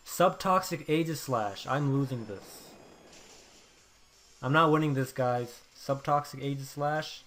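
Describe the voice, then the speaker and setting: Excitable young man commentating a game. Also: mid-range voice, a little slow. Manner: excitable, swings from muttering to loud outbursts. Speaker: gameplay commentator. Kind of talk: live gameplay commentary.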